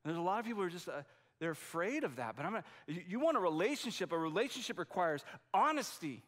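A man delivers a sermon in an earnest, conversational way, leaning hard on key words and restarting sentences as he goes. His voice sits a little higher than most men's. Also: very animated, fast, fairly bright tone. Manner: conversational, emphatic preaching with frequent restarts. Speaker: pastor.

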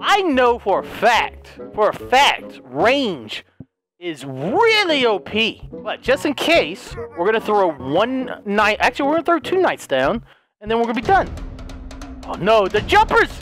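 A man giving excited, yelling commentary while playing a video game, shouting orders at his units. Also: high voice, measured pace, faint music behind. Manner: yelling commands at units, wildly animated. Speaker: gaming YouTuber.

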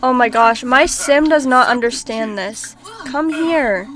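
A woman's voice: fairly high pitch, measured pace, crowd noise. A woman hosting a casual let's-play, chatting and reacting aloud to her game. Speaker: gaming channel host.

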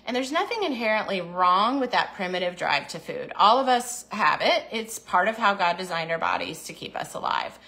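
A woman's voice: mid-range voice, big pitch swings, moderate pace, hardly any pauses, pushed and bright. A woman hosting a casual livestream, talking encouragingly about food choices and reading viewer comments aloud. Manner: acts out little inner voices in quotes. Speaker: diet program host.

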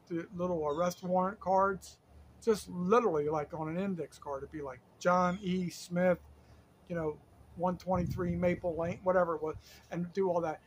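Rambling high-voiced man telling a story. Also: a little hiss or hum. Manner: rambling, many fillers and self-corrections. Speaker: storyteller host. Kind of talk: casual storytelling.

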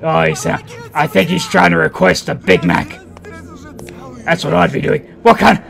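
A man's voice: a little high, steady tone, normal speed, gravelly. A man doing profane, joking let's play commentary while playing a horror game. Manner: crude, loud, profane joking. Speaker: gaming channel host.

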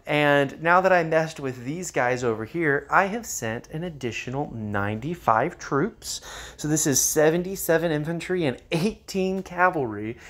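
A man's voice: a little high, fairly bright tone. A man giving casual commentary on a strategy game, with many ums and uhs. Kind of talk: gameplay commentary.

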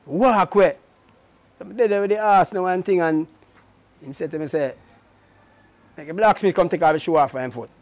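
A man's voice: a little high, a little fast, pauses often, darkish tone. A middle-aged man, a racehorse trainer telling stories in an interview, acting out other people's lines as he goes. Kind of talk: casual storytelling interview.

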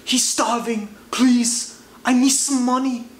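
Pushy male street hawker, pitched high and insistent, put on by a male comedian, roomy echo. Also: fairly even intonation, slow pace, exaggerated voice. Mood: pleading. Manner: wheedling, then cursing loudly.

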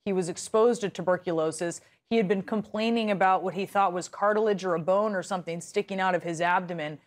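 A woman's voice: lowish voice, quick pace. A woman anchoring a live news interview, asking empathetic, probing questions.

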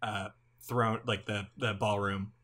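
A man running a tabletop role-playing game as game master, narrating haltingly with many fillers and restarts and voicing a king. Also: lowish voice, flat delivery, fairly bright tone.

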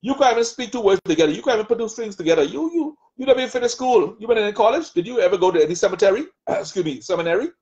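A man with a Bahamian accent preaching a sermon, taunting in rapid repeated jabs as he voices the enemy's lies. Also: sits high, expressive, darkish tone, muffled recording. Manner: taunting, mocking the devil's voice in rapid repetitive jabs. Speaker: prophet preaching.

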